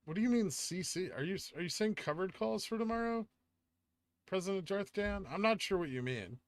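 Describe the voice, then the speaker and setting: A man's voice: high voice, animated, normal speed. A man hosting a casual livestream, answering viewer chat questions in a laid-back, offhand way. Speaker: livestream host reading chat.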